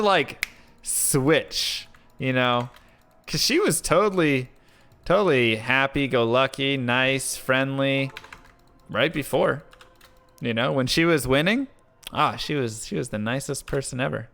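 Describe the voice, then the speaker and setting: Bright-voiced male streamer telling a story. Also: mid-range voice, slight background noise. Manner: rambling, filler-heavy, animated retelling. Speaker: live streamer. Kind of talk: casual storytelling while gaming.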